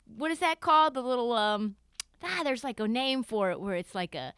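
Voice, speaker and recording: A young adult woman hosting a podcast, telling a casual story in an animated, chatty way and swearing freely. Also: a little high, normal speed, clear, resonant tone, dry recording, studio quality. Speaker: podcast host.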